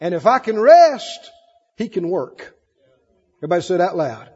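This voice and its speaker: A man preaching a sermon, animated, swinging between loud emphasis and soft asides. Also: sits high, moderate pace, husky, long reverb tail, dull audio.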